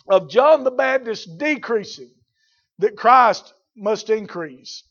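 A man preaching a sermon, swinging from loud shouts to quiet, drawn-out emphatic words. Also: sits high, expressive, muffled recording.

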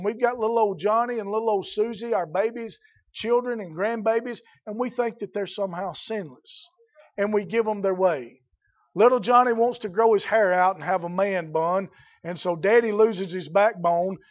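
Male preacher, plainspoken sermon, high voice, muffled old recording. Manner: folksy, blunt, builds to shouting.

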